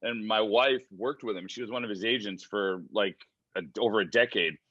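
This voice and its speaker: A man hosting a podcast, telling anecdotes in quick, animated bursts. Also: fairly low pitch, no echo, highs cut off. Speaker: podcast host. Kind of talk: casual chat.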